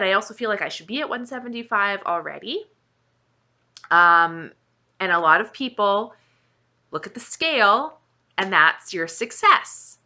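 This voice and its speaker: Speaking slowly and earnestly, this vlogger shares her weight-loss story in a heartfelt talk to camera. Her mid-range voice is bright and forceful, and she sounds emotional, nearly crying, as she encourages viewers and repeats points to stress them.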